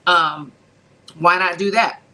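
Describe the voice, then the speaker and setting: A woman's voice: lowish voice, steady tone, takes it slowly, sharp tone, rough recording. A woman hosting a casual boxing talk show, chatting conversationally and reading out viewer comments. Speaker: host.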